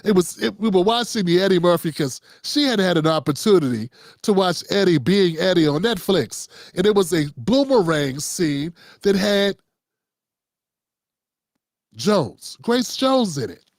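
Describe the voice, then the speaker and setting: Man, high voice, dry recording, casual riffing host, unscripted commentary. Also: expressive, unhurried, no echo.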